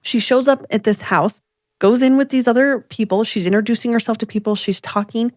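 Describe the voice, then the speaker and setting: A woman co-hosting a podcast, telling a story in a casual chat, with big jumps in pitch when she quotes people. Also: steady tone, a little fast, darkish tone, no room sound, clean studio sound. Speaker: podcast co-host. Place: home room with dogs nearby.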